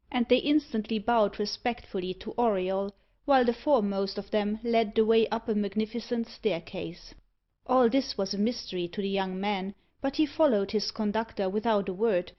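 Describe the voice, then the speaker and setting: A woman narrates a gothic novel in a steady, even reading voice. Her pitch sits in the middle of the range. The recording is slightly dull and lo-fi. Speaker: audiobook narrator. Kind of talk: scripted narration.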